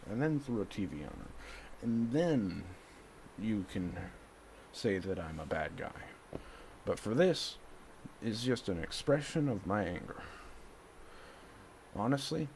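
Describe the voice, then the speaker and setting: Gravelly-voiced man, agitated and repetitive. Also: on the low side, sing-song, unhurried, long pauses, a little hiss or hum. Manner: agitated, repeats himself. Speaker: vlogger. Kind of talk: casual monologue to camera.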